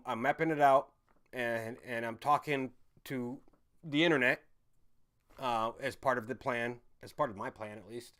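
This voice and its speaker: A man's voice: mid-range voice, fairly bright tone, smooth. A man hosting a casual livestream, rambling as he answers viewer chat, swearing freely and laughing often. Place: home in a city.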